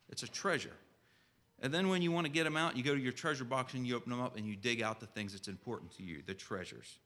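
Man, preacher, sermon, animated pitch, chatty, asks the congregation questions. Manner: conversational, asks the listeners direct questions; reads scripture slowly and solemnly.

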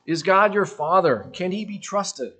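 A man preaching a sermon, earnest and questioning, letting his voice drop softly at the ends of phrases. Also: sits high, expressive, measured pace, breathy edge.

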